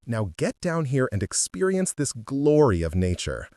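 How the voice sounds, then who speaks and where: A man's voice: medium pitch, very animated, normal speed, dry recording, clean studio sound, voice pushed up, natural voice. A man voicing a teasing, bossy teenage girl who hollers and jokes, in a storybook reading. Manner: loud, teasing.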